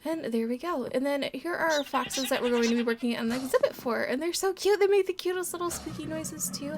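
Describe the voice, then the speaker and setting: A bright, high-pitched woman chatters through casual gameplay commentary with a bubbly, giggly manner. She coos fondly over the animals as she walks her viewers around. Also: fairly quick, few pauses, background noise. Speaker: let's play host.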